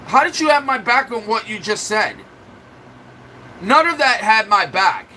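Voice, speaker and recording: A man's voice: sits high, big pitch swings, unhurried, sharp tone, slight background noise, rough recording. A man livestreaming in a casual chat, venting at length to his viewers in a rambling, upset way. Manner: rambling, restarts and fillers.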